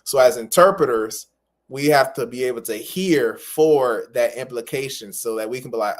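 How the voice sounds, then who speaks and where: A man's voice: medium pitch, moderate pace, a little hiss or hum. A man coaching interpreters in a live-stream feedback lesson. He explains things patiently and encouragingly, repeating his key phrases.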